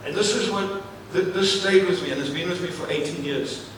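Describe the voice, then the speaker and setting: Male motivational speaker, high-pitched, punchy and repetitive, recorded from a distance in a big echoey hall. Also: fairly quick, few pauses, a little hiss or hum. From Africa. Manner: energetic, repetitive, asks the audience questions. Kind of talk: live keynote speech to an audience. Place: large event venue, on stage. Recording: echoey hall, mic at a distance, faint ambience.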